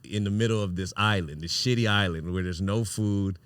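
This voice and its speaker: Male podcast host, lower voice with a bright edge, animated and profane storyteller. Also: a little fast, clean tone, no echo, studio quality. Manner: animated, profane, laughs often mid-story. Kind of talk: casual storytelling.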